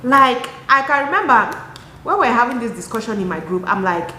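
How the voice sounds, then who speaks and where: A young Cameroonian woman with a Cameroonian accent, chatting to camera in an animated, exasperated way. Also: on the high side, moderate pace, a little hiss or hum. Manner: animated, talks with her hands, rhetorical and exasperated. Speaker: lifestyle vlogger. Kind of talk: casual chat to camera. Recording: echoey room.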